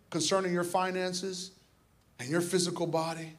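Middle-aged male pastor, sermon delivery, fervent, repetitive exhortations, fairly high voice. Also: moderate pace. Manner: impassioned, builds to emphatic repeated exhortations.

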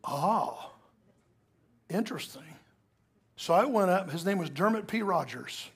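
A middle-aged male pastor preaching a sermon, telling a personal story with lively asides to the congregation. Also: high-pitched, a little fast, breathy edge.

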